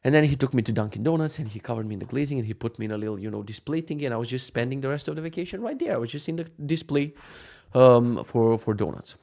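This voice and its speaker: A man's voice: medium pitch, racing, creaky. Joking, profane man telling stories. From Macedonia. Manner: profane, joking, animated storytelling. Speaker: vlogger. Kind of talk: casual monologue.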